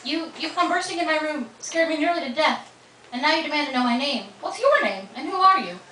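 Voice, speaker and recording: A woman voicing a startled, indignant young woman in a live book reading, her questions pitched up and insistent, recorded from a distance in a roomy bookstore. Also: lively intonation, a little fast, sharp tone, slight background noise.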